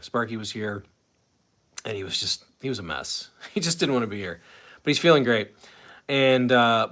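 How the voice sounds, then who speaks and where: A man's voice: medium pitch, a bit bright. A man hosting a casual live stream from his home, rambling and chatting with viewers and his dog, at times out of breath. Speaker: host of a live fan stream.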